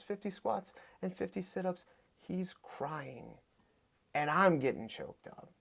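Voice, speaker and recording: A young adult man, a fitness coach, telling stories in casual podcast talk, getting animated and loud as he gets excited. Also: high voice, measured pace, gravelly. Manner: animated, voice rises sharply when excited. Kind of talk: casual storytelling.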